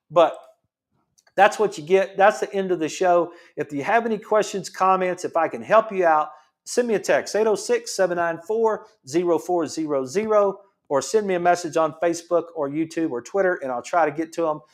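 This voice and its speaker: Emphatic man hosting a health show. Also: high voice. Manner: emphatic, repetitive rhetorical questions. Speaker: chiropractor show host. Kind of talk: passionate monologue.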